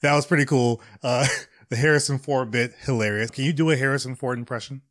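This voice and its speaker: A man hosting a reaction video, giving relaxed, chuckling casual commentary. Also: medium pitch, brisk. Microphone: desk microphone.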